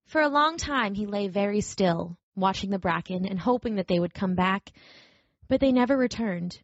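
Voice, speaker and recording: A woman narrating a storybook aloud in a gentle, even storytelling manner. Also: mid-range voice, normal speed, no echo. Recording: dry, slightly dull recording.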